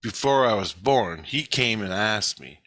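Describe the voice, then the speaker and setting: A man's voice: fairly low pitch, expressive, a little slow, a bit bright, no room sound. A middle-aged man rambling through a blunt, profane personal monologue about his spiritual life. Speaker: spiritual vlogger.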